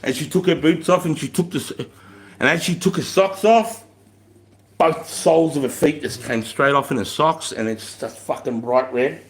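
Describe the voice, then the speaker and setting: A man's voice: on the high side, normal speed. An Australian man, a former army corporal, telling a story in a blunt, heavily profane, emphatic way. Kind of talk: casual storytelling.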